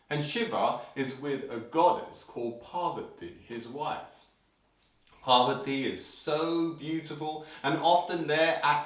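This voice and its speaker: A man hosting a children's show, telling a story playfully and breaking into sudden shouts, heard in an echoey room from a distance. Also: medium pitch. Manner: animated, leaps into loud sudden shouts for scares.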